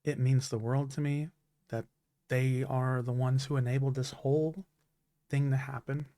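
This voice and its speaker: Heartfelt and emotional, a streaming man thanks his audience in a halting speech filled with fillers and restarts, his throat becoming a bit raspy. The voice is mid-range, steady and warm. The audio carries no room sound.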